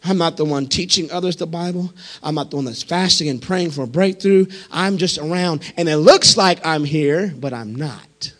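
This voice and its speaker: A man preaching a sermon as pastor, impassioned and building to shouts. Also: fairly high pitch, moderate pace, few pauses.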